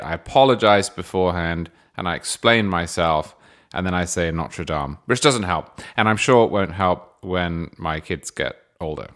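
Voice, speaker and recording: A man's voice: sits low, fairly bright tone. An English man hosting a podcast, answering listener questions with dry, wry humor. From England. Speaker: podcast host.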